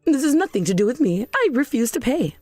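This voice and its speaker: A woman's voice: high-pitched, big pitch swings, a little fast, darkish tone, no echo, faint music behind. A woman voicing an indignant, defensive middle-aged mother in a text-message story drama. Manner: indignant, demanding.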